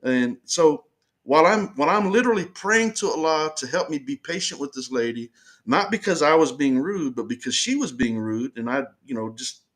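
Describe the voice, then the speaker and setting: A man's voice: fairly high pitch, expressive, normal speed, a bit bright. Earnest man retelling a confrontation. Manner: earnest, insistent, repeats himself while explaining. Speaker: person recounting an incident. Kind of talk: first-person storytelling.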